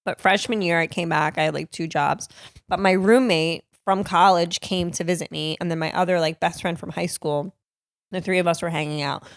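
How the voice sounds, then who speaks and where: A woman's voice: fairly low pitch, moderate pace, no echo. A woman from Cape Cod hosting her own podcast, telling stories in a casual, profane, laughing way into a close mic. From Cape Cod, Massachusetts. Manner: profane, laughing, animated storyteller. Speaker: podcast host and comedian. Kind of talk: casual storytelling.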